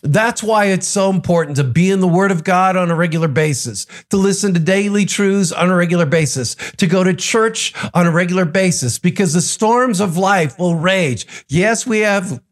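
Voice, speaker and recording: Male devotional preacher, high voice, earnest, asks rhetorical questions. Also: moderate pace, few pauses. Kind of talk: devotional sermon.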